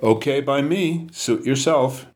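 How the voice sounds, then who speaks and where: A man's voice: mid-range voice, a little slow, a little mellow, voice pushed up, close to an everyday voice. Man playing a sullen, curt teenage boy. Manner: curt, guarded.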